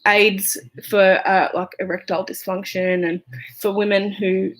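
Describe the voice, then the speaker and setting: A woman's voice: medium pitch, little pitch movement, a little slow, low-quality recording. Chatty Australian woman doing makeup live. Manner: chatty and rambling, with many fillers, answering viewers. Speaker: vlogger and hairdresser. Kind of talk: casual livestream chat while doing makeup. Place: home room.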